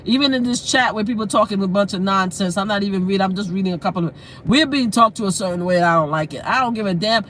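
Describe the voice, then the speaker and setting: A woman talks straight into her phone from inside a car, her voice bright and forceful. She speaks bluntly and with emphasis, circling back to the same lines again and again in a heated live-stream rant. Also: mid-range voice, fast, few pauses, a little hiss or hum.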